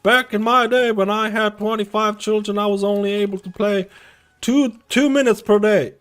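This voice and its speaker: A man voicing a whiny young male gamer who insists on healing, in a strained high falsetto with an exaggerated mock American accent. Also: steady tone, normal speed, fairly bright tone, clean tone, soft background music. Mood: whining. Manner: whining, mocking.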